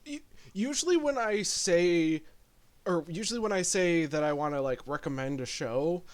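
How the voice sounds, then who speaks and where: High-voiced, blunt male podcast co-host. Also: lively intonation, normal speed. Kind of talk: casual chat.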